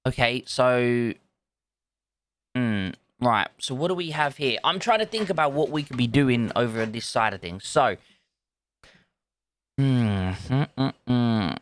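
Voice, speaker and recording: Smooth-voiced man streaming live. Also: mid-range voice, animated, slow, pauses often, no echo. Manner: thinks aloud, greets chat viewers. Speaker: livestreamer. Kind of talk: casual live stream chat.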